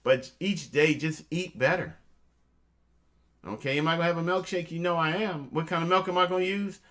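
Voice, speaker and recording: A man's voice: a little high, normal speed, fairly bright tone. A man hosting a casual show, joking around and giving motivational tips, calling his listeners family. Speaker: host.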